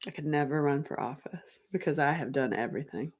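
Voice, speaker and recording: A middle-aged woman from North Carolina hosting a casual live-stream chat, candid and animated, laughing often and tossing in quick asides. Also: low-pitched. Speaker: host.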